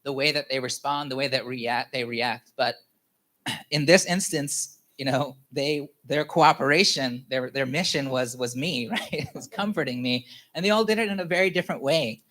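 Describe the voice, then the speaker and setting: A male pastor telling a personal story in his sermon, candid, full of fillers and quick laughs. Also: mid-range voice, pushed and bright.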